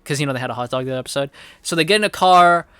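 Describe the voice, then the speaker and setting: Excitable, foul-mouthed young male reviewer. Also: fairly high pitch, very fast, clean tone, no echo. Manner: excitable, heavy swearing, rambling with lots of fillers. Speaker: TV episode reviewer. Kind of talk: casual video review.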